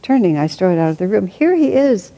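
A woman reading aloud from a spiritual book and adding her own reflective commentary, thinking aloud with soft laughs. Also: medium pitch, big pitch swings, a little fast, poor audio.

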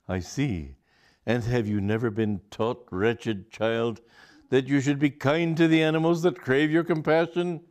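A man voicing a sanctimonious, scheming young gentleman in a read-aloud comic story, theatrical and preachy. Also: medium pitch, steady tone, measured pace, voice pushed up, natural voice.

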